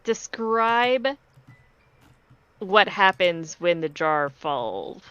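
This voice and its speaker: A woman running a tabletop game as game master, unhurried and thinking aloud. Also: lowish voice, sing-song, a bit bright, smooth, no echo. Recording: dull lo-fi stream audio.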